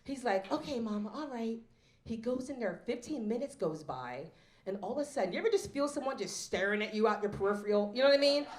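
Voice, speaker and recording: Animated woman doing stand-up in an echoey hall. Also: a little high, fast. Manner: animated storytelling, acts out voices. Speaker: stand-up comedian. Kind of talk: stand-up comedy set. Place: event hall with live audience. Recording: roomy hall echo.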